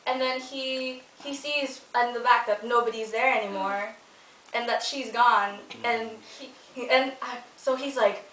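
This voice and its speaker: A woman's voice: a little high, steady tone, unhurried, a bit bright. A young woman from the Philippines telling a ghost story casually, chatty and giggly, with many "like"s and restarts. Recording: echoey room, mic at a distance, faint noise.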